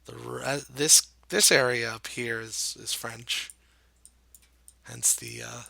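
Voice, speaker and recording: A man talks his way through a guessing game in a slow, unhurried drawl, stopping often to muse and poke fun at himself. His voice is gravelly and a little husky, with a bright edge. The sound is dry and close, like a desk mic. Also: medium pitch, steady tone, no room sound. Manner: musing, self-deprecating, thinks aloud with frequent hesitations. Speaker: gameplay commentator. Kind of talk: casual let's-play commentary.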